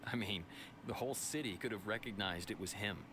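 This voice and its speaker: A man's voice: lowish voice, fairly quick, background noise, lightly acted. An actor playing a stern male city guard officer in a video game, giving a formal, briefing-like account.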